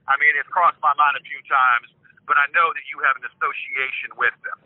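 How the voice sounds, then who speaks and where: Over a dry, tinny phone line with no echo, an older man speaks a little fast in a steady, mid-range voice. Profane and suspicious, he stammers as he vows to find out who is pranking him, growing more defiant and angry as he goes.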